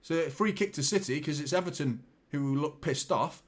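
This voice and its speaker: A man's voice: fairly high pitch, moderate pace. A man hosting a live football watchalong, giving exasperated, sweary fan commentary.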